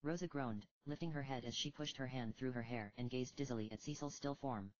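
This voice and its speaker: A woman with a low voice narrates a fantasy storybook in a steady, even manner. The recording is dry and close, with a slightly muffled, dull tone. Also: fairly quick, dry recording. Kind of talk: audiobook reading of fan fiction.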